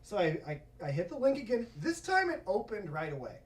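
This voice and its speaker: A man's voice: high voice, fairly quick. A man doing stand-up, telling a story and acting out the voices of the people in it, swearing freely. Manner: animated, acts out quoted voices, swears freely. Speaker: stand-up comedian. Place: comedy stage before a live audience. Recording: echoey room from far off, audience laughter.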